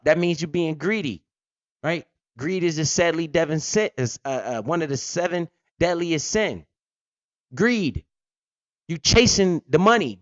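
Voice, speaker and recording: A man's voice: fairly high pitch, lively intonation, a little slow, no room sound. A man hosting a crypto channel, giving blunt, profane, joking market commentary off the cuff. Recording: dull lo-fi dry audio.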